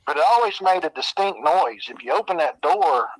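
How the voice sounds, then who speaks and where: A man's voice: fairly high pitch, animated, fairly quick, poor audio. A man telling a spooky childhood story in a casual, drawling way, swearing and making sound effects. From Arkansas.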